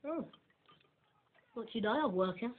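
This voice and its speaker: An actor playing a mocking, sneering bully of an apprentice, on a tinny old film soundtrack. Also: male voice, high voice, lively intonation, measured pace, a little hiss or hum. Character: taunting bullying teenage apprentice.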